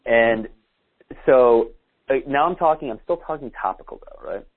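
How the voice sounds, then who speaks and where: A man's voice: medium pitch, moderate pace, narrow, tinny audio. A man giving dating advice in a podcast conversation, talking casually and acting out sample dialogues. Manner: acts out sample dialogues, casual with many likes. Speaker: dating coach.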